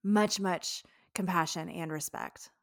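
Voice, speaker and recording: A woman's voice: fairly low pitch, fairly even intonation, slow pace, no echo, clean studio sound. A woman hosting a solo podcast, talking in a candid, heartfelt way with frank swearing. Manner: emotional, speaks of tears. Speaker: podcast host.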